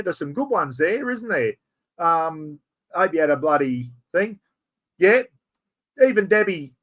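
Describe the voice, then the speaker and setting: A man's voice: a little high, fairly bright tone. A middle-aged Australian man hosting a casual livestream, chatting loosely and reading out viewer comments with plenty of slang. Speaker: livestream host.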